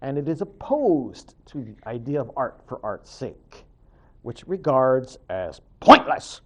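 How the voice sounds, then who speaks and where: Chatty man giving a lively lecture. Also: medium pitch, slow pace. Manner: chatty, joking asides. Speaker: professor. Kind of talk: recorded college lecture.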